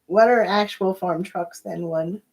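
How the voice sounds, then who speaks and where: A woman's voice: medium pitch, measured pace, darkish tone. A woman co-hosting a casual live show. She reads viewer comments aloud and teases the host. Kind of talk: reading out live chat comments.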